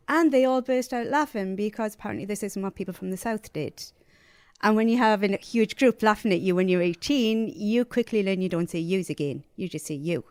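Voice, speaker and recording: A middle-aged woman from Northeast England with a softened Geordie accent, talking earnestly as a panelist in a podcast discussion. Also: mid-range voice, no echo.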